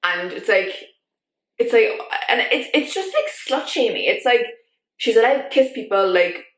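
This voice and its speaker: A woman vlogger talking in a casual, animated way, full of fillers as she shares her opinions. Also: a little high, normal speed. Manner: chatty, animated, many fillers like "like". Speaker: YouTube vlogger. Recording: echoey room.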